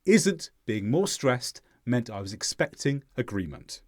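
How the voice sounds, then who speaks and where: A man teaching English intonation in a scripted lesson, speaking clearly and deliberately and exaggerating the stress in his examples. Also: mid-range voice, expressive, dry recording, clean studio sound.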